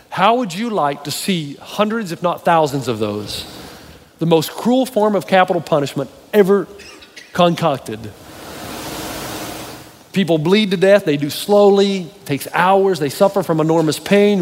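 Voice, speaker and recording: In a church hall before a live audience, a male pastor with a somewhat high voice preaches an animated sermon, telling stories and addressing the crowd directly. The hall is reverberant with faint ambience and slight background noise.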